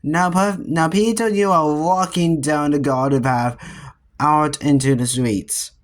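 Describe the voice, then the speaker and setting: A man voicing a bossy young boy who shouts orders while making a home movie. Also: fairly high pitch, fairly even intonation, a little slow, lightly acted. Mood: commanding.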